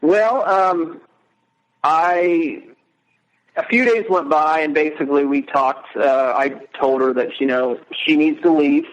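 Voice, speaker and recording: A middle-aged man speaking as an interview guest, earnest and emotional, halting as he recounts. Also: on the high side, lo-fi sound. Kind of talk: casual interview.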